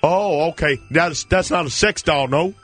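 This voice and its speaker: A man putting on a gleefully crude backwoods Santa Claus takes calls on a radio show. He talks about himself in the third person with broken grammar, his voice sitting slightly high. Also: a little slow, loud music behind the voice, lightly acted. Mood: joking. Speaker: comedy character on a radio call-in.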